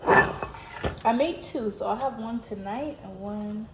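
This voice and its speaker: A woman's voice: a little high, slow. A young woman chatting casually while she cooks at home, ranting with exasperation and laughing now and then. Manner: animated, exasperated rants with laughs. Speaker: vlogger. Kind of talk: casual chat while cooking. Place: home kitchen. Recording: echoey room with faint noise.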